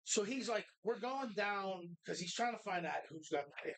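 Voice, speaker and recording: A co-host on a live talk show recorded in a bar, swearing constantly while retelling a movie in animated detail. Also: medium pitch, a little fast, vocal fry. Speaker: podcast co-host.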